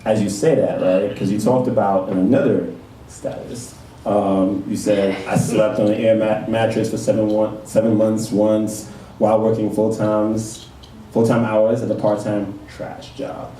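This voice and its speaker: A man with a low, mellow voice hosts a casual interview and reads quotes aloud to his guest. He sounds laid-back and laughs easily. He is recorded from a distance in a very echoey room with faint noise. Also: little pitch movement, a little slow. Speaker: interview host.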